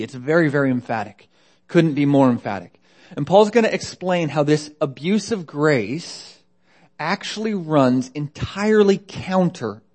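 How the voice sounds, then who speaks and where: Conversational male preacher, slightly high voice. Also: a little mellow. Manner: conversational preaching with rhetorical questions. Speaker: pastor. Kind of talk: sermon.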